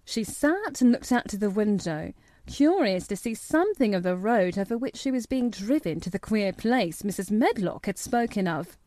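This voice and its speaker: A woman giving steady, measured scripted narration of a children's classic for an audiobook. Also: mid-range voice, dry recording.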